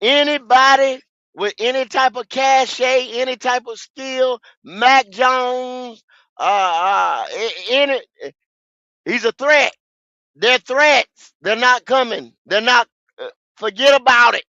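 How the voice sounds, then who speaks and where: A man, hosting a fan podcast, ranting in a profane, repetitive way with sudden shouts. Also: very high-pitched, slow pace, no echo, lo-fi sound. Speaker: podcast host. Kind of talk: football fan podcast rant.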